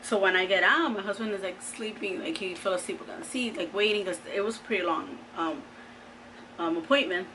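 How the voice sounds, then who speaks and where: A woman in her thirties telling a personal story to her camera in a chatty, animated way, full of fillers and exclamations. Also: mid-range voice, a little fast, noisy background. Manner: chatty, animated, lots of "like" and "oh my God". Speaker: vlogger.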